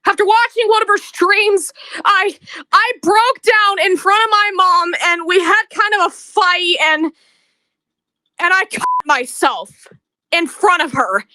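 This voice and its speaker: A woman with a very high, bright voice delivers a bitter, accusing rant straight to camera. She speaks slowly and stammers over her words. The recording is dry and close. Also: dry recording. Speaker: video creator. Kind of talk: emotional rant vlog.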